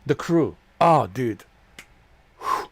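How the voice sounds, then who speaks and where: Speaking very slowly yet animatedly, a middle-aged gaming streamer with a creaky mid-range voice launches into a profane, blunt livestream rant with a preachy edge. There's no echo on the audio.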